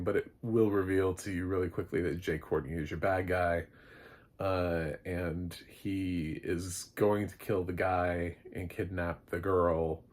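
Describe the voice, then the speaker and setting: Man, deep voice, husky, casual film review, chatty and rambling. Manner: rambling and chatty, with many fillers and light laughs. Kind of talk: casual spoken movie review.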